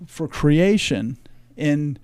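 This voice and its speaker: A man's voice: a little high, lively intonation, drawn-out words, a little mellow, smooth, no echo. Emphatic man preaching on a podcast. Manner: preachy, emphatic, quotes scripture. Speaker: podcast co-host. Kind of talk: religious discussion podcast.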